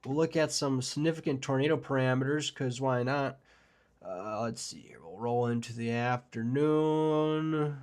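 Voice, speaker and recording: A man runs a live weather stream at a medium pitch, talking loosely and chatting with his viewers. He rambles through his points with plenty of fillers. He gets openly excited about big storm setups. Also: measured pace. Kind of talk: live forecast discussion with chat.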